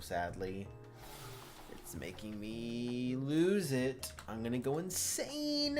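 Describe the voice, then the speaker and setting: A man streaming a game live, muttering frustrated thoughts to himself with frequent sighs. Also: on the low side. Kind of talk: live gameplay commentary.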